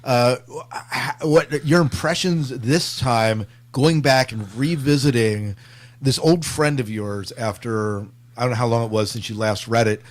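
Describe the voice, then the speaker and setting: A man's voice: mid-range voice, unhurried. Joking man hosting a podcast. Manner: joking, leads the talk. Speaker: podcast host. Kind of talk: casual book discussion.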